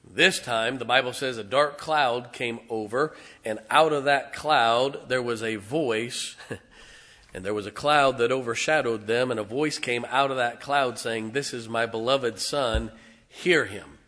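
Male pastor, sermon, bright forceful voice, animated, emphatic, congregation call-outs. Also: medium pitch, unhurried. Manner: animated, excitable preaching.

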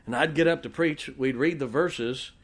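A man's voice: mid-range voice, normal speed, husky. A man preaching a sermon as pastor, telling folksy stories and joking with his congregation.

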